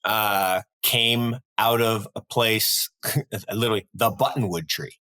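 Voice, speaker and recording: A man from North Carolina co-hosting a markets podcast, telling history in a rambling, animated way with many restarts. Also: lowish voice, slow pace, low-quality recording. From North Carolina, USA. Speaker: podcast co-host. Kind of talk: casual market chat.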